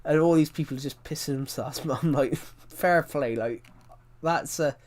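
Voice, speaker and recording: A man's voice: a little high, a little slow. A man livestreaming a game, telling stories in a rambling casual chat and often correcting himself mid-sentence. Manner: rambling storyteller, frequent self-corrections.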